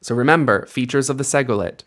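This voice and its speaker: A man's voice: mid-range voice, quick pace, a bit bright. A man teaching a recorded grammar lesson, explaining patiently and sounding out example words with careful stress. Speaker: Hebrew teacher.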